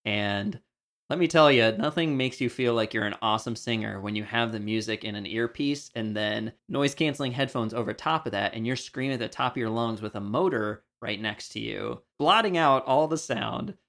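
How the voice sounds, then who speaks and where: A man's voice: mid-range voice, normal speed, fairly bright tone. A man co-hosting a podcast in a casual, jokey chat, laughing often. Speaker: podcast co-host.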